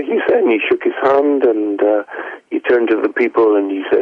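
A man on a radio call-in show, answering questions in an emphatic preaching manner with sweeping rises in pitch. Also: moderate pace, no echo, phone-quality sound. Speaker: guest preacher.

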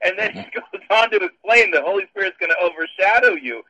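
A man's voice: high voice, lively intonation, fairly quick, sharp tone, dry recording, poor audio. A man, a pastor, explaining scripture in a casual discussion with wry, dry humor.

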